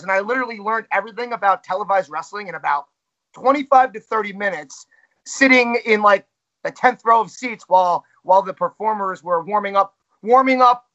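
Bright high-voiced announcer man, candid. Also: brisk, dull audio. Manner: candid, self-critical storytelling. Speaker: wrestling ring announcer and commentator, guest. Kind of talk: casual interview chat.

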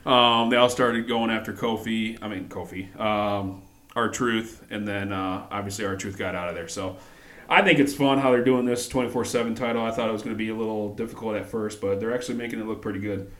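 A man's voice: lowish voice, fairly even intonation, fairly quick, fairly bright tone, reverberant. A man co-hosting a casual wrestling recap, hesitant and full of fillers and restarts. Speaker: podcast co-host.

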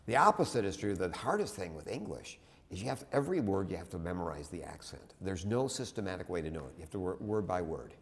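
Male lecturer, low voice, loose and conversational, prone to tangents and restarts. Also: sing-song, fast talker. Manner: conversational, digressive, with many restarts and asides. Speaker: teacher. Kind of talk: classroom lecture.

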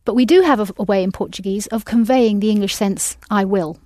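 A woman's voice: mid-range voice, fairly quick, warm tone, dry recording, clean studio sound. A woman teaching an audio language lesson, patiently prompting and correcting her students.

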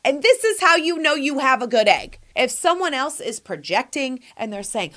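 A woman's voice: sits high, very animated, moderate pace, hardly any pauses, fairly bright tone. A woman in her forties hosting a podcast, giving sassy, emphatic advice straight to her listeners in casual chat. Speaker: podcast host answering listener questions.

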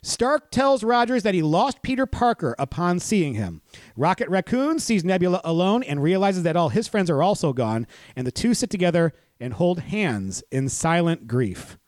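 A man's voice: high-pitched, big pitch swings, moderate pace, a little mellow, no room sound. A man hosting a podcast who recaps a movie plot and chats animatedly, laughing easily. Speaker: podcast host. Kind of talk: movie recap and casual chat.

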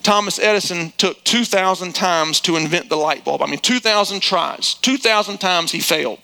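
A male pastor preaching a sermon with emphasis, slowing down to land his key lines. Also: vocal fry, bright, forceful tone, rough recording. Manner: acts out quotes in a high squealing voice.

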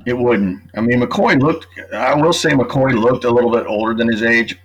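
A middle-aged author, guesting on a podcast about true crime, talks casually and at length, building his argument point by point. His voice is mid-range and moderately paced, and the audio sounds dull.

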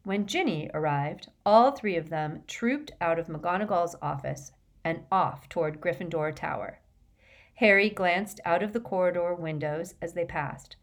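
A woman narrating an audiobook in measured, even scripted narration. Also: lowish voice.

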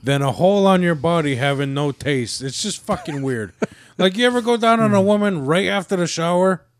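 A man's voice: sits high, lively intonation, brisk. A man co-hosting a podcast, bantering crudely, swearing and laughing as he acts out mock quotes. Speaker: podcast co-host.

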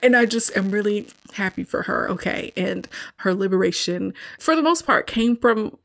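A woman's voice: medium pitch, animated, moderate pace, creaky, fairly bright tone. A woman hosting a solo review podcast, retelling a film scene in a chatty, casual way and laughing often.

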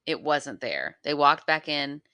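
A woman's voice: sits low, sing-song, measured pace, bright, forceful tone, clear, resonant tone, no room sound. A woman from the United States co-hosting a podcast, bantering playfully in casual chat. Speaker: podcast co-host.

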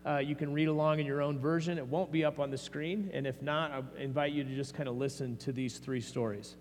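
A man's voice: a little high, fairly even intonation, a little fast, in a large hall, slight background noise. A man preaching a sermon as pastor, in a conversational manner with frequent fillers and restarts.

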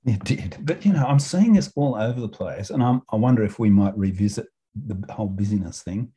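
Husky, dark-voiced Australian man. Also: fairly low pitch, animated, brisk. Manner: chatty storyteller, swears freely, laughs often. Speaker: podcast co-host, coach. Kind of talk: casual chat.

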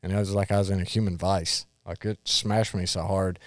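Low-voiced man, plainspoken storyteller, dry studio sound. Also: little pitch movement, brisk, no room sound. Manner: drawling, plainspoken, swears casually. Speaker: rodeo livestock worker telling stories. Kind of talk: casual storytelling chat.

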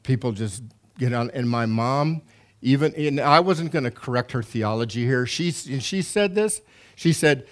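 Repetitions and restarts fill the sermon of this middle-aged pastor, who preaches with animated emphasis. His pitch is medium and his pace moderate.

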